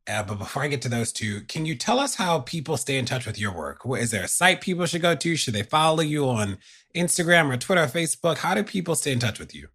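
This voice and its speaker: A man hosting an interview and asking questions in a measured way, with a few fillers. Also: lowish voice, a bit bright. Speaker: interview host.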